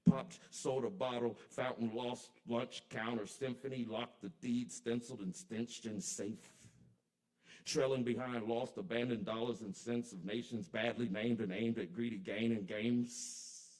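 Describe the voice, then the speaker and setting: A man at an open mic in a kava bar, performing spoken word poetry in a rhythmic, incantatory way that swings between soft and loud. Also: medium pitch, steady tone, a little slow.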